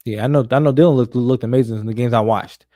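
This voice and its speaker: A man's voice: mid-range voice, quick pace, dark tone, no echo, studio quality. A young man co-hosting a sports podcast, talking emphatically and profanely in casual chat. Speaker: podcast co-host.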